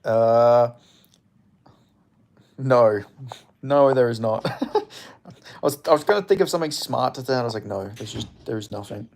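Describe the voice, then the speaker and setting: A young Australian man in a loose, unscripted livestream chat, rambling between thoughts and dropping curse words freely. His voice sits at an ordinary middle pitch for a man. He peppers his talk with fillers and small chuckles. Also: normal speed, pauses often, a little mellow. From Western Australia. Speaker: MMA commentator reading live chat.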